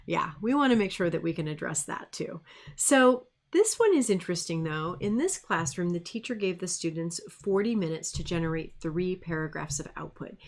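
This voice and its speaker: A woman's voice: fairly low pitch, expressive, normal speed. A middle-aged woman, a speech pathologist, giving a friendly presentation full of classroom anecdotes and fillers. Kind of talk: presentation lecture.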